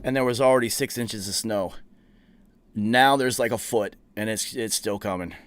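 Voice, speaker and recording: A man's voice: fairly low pitch, normal speed, a little hiss or hum. A man hosting a podcast, telling a story in a casual, profane, laid-back way and quoting the people in it. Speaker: podcast host.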